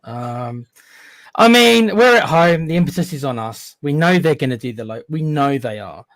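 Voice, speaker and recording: A man's voice: fairly high pitch, animated, normal speed, dry recording. Chatty man, dry close sound. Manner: chatty, emphatic, many restarts. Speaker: regular pundit. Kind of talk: casual football podcast chat.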